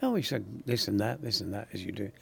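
Older man with a gravelly voice. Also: on the low side, fast. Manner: animated storyteller, acts out quoted voices, laughs often. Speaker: actor guest. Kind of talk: anecdotal interview storytelling.

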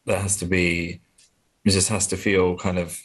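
A man's voice: low-pitched, little pitch movement, moderate pace. A man and comedian, chatting as an interview guest in a hesitant, self-deprecating way with many restarts. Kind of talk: casual interview chat.

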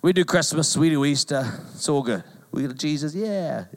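Male pastor, New Zealand accent, lively joking sermon delivery, voice sits high. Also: moderate pace. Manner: animated, jokey, mimics calls in a high voice. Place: church hall.

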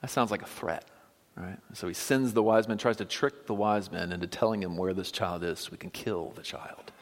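A man preaching a sermon with emphatic stresses that drop to quiet, almost whispered asides. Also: fairly low pitch. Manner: emphatic, swings from loud stresses to quiet drops. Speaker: pastor. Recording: long hall reverb.

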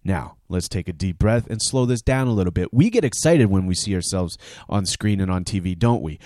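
A man's voice: on the low side, lively intonation, normal speed, dark tone, no echo, clean studio sound. A man from Canada hosting his own podcast, delivering a sarcastic, heated comic rant. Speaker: podcast host.

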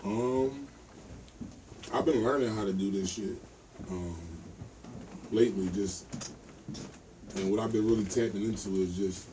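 A man's voice: deep voice, warm tone. A man in a casual group discussion, rambling about controlling his emotions and often asking "you know what I'm saying". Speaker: podcast participant. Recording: distant mic with faint noise.

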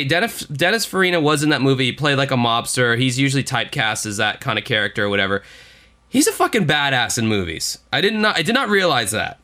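A man's voice: a little high, bright, forceful tone. A man co-hosting a podcast, chatting in a rambling, profane, self-deprecating way. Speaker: podcast co-host. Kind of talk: casual podcast chat.

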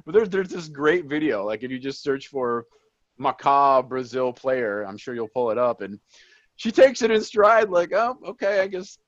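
A man whose first language is Portuguese, co-hosting a podcast and telling stories in a chatty, animated way with lots of restarts. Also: mid-range voice, normal speed, dry recording. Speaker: podcast co-host. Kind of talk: casual chat. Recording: dull, dry lo-fi sound.

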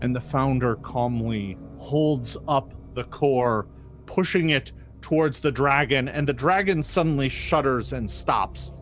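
A man's voice: mid-range voice, a little slow, soft background music. A man narrating as game master of a tabletop game, hesitant and full of ums and restarts.

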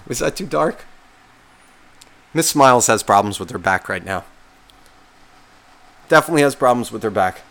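Male podcast host, mid-pitched voice, sarcastic and exasperated rant, heavy swearing. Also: a bit bright. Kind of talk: casual storytelling rant.

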